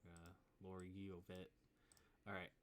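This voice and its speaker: A man running a tabletop game as game master, casual and rambling, with quick sound-effect interjections. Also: low voice, completely flat delivery, slight background noise.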